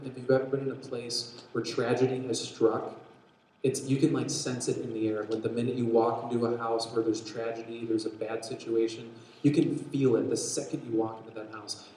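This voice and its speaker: A man preaching a sermon, telling a Bible story with lively acted-out dialogue and frequent restarts. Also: medium pitch. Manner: animated storytelling, acts out quotes, restarts often. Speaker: pastor. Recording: very echoey hall.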